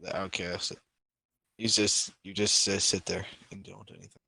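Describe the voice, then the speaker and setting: A man's voice: sits low, level tone, moderate pace, gravelly, sharp tone, slightly rough, dry recording. A man co-hosting a podcast, telling stories in casual chat with lots of fillers and restarts. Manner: rambling storyteller, many filler words. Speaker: podcast co-host.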